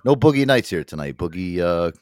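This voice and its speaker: A man's voice: low-pitched, brisk, clean tone. A male podcast host from an Italian-American family, chatting casually and swearing often. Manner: crude, animated, swears often. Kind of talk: casual chat.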